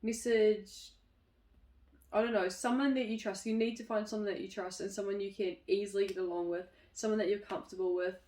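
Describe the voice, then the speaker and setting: A woman's voice: medium pitch, steady tone, fairly quick, mellow, reverberant. A woman hosting a community chat series, talking openly about her own life in a candid, reflective way, often laughing and restarting her thoughts. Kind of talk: personal reflective talk to camera.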